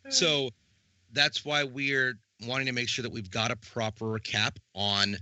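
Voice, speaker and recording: A man's voice: mid-range voice, steady tone, unhurried, sharp tone, dry recording. A man co-hosting a casual podcast, joking and rambling with restarts as he talks over plans for streams.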